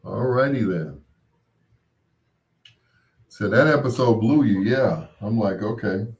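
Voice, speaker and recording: A man's voice: on the low side, lively intonation, slow pace, darkish tone. A man hosting a late-night radio show, chatting in a laid-back way with wry asides.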